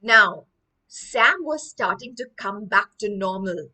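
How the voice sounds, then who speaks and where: A woman's voice: mid-range voice, expressive, takes it slowly, pushed and bright, distant mic, rough recording. A woman teaching English vocabulary through a story, explaining each line after she reads it.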